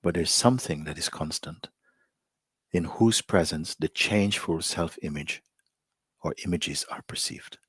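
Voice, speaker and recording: Speaking at a satsang before a live audience, a male spiritual teacher is reflective and unhurried, frequently softening nearly to a whisper. His low-pitched voice has a breathy edge, captured in a dry, studio-quality recording.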